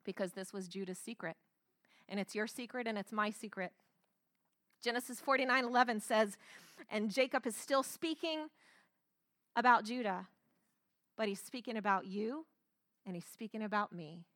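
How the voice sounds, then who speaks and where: A woman pastor preaching a sermon with passion, swinging between loud, emphatic peaks and soft, hushed lines, her voice tearful. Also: mid-range voice, moderate pace, long pauses, no echo, studio quality.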